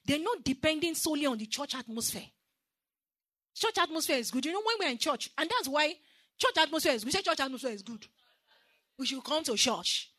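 In a high-pitched, animated voice with a sharp tone, a Nigerian-accented woman preaches briskly and emphatically. She has the congregation echo her words in call-and-response, and the clean studio recording is dry.

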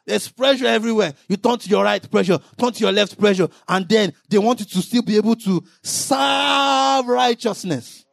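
A man preaching a sermon in an impassioned way, now and then rising into shouted emphasis. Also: high voice, normal speed, vocal fry, hardly any pauses, no echo, clean studio sound.

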